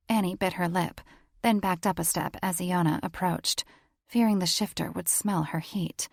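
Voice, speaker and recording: A woman narrating a romance audiobook in a measured storytelling manner. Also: fairly low pitch, steady tone, gravelly, no room sound, studio quality. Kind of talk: scripted narration.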